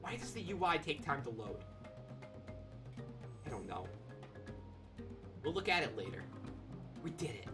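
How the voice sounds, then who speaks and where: A gaming streamer giving rambling let's-play commentary who swears and bursts into excited shouting. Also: mid-range voice, measured pace, pauses often. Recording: game music behind, voice a bit distant from mic. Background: game music.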